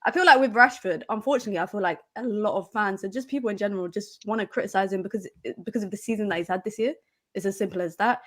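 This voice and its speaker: A woman gives her take as a panelist on a football chat show. English is not her first language. She talks in a relaxed, slangy, opinionated way. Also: mid-range voice, very fast. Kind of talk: casual football podcast chat.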